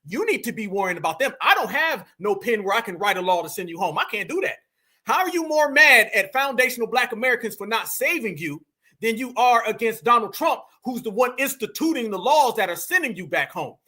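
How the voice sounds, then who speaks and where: Male commentary host, very high pitch, confrontational preachy delivery. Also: sing-song, fairly quick, pushed and bright. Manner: preachy, confrontational, keeps calling listeners "fam". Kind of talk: heated reaction commentary.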